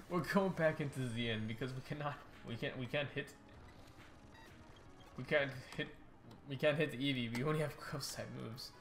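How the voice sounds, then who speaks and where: A young man hosting a casual let's-play, excitable and rambling, often restarting his sentences. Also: mid-range voice, normal speed, long pauses. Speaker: YouTube gaming host.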